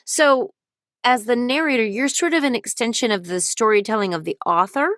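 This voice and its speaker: A woman's voice: a little high, normal speed, fairly bright tone, no room sound, studio quality. A woman voice actor and audiobook narrator, a guest on an interview show, talks in a thoughtful way and explains at length with frequent restarts. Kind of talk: casual interview chat.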